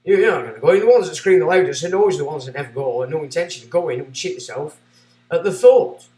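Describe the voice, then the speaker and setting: Ranting man, high voice. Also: expressive, fast, distant mic. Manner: ranting, sarcastic, swinging between loud and muttered. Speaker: livestream host. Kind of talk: casual livestream monologue, reading chat. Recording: echoey room.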